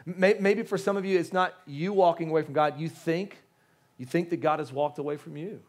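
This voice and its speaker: Man, pastor, sermon, fairly high pitch, conversational, stammering restarts, pleading, joking asides. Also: fairly even intonation, fairly quick. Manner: casual slang, joking asides.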